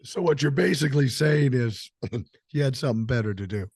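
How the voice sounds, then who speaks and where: A man's voice: medium pitch, lively intonation, normal speed, darkish tone, slightly rough, no room sound, studio quality. An older man hosting a podcast, talking in casual, blunt and profane chat while he has a cold. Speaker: podcast host.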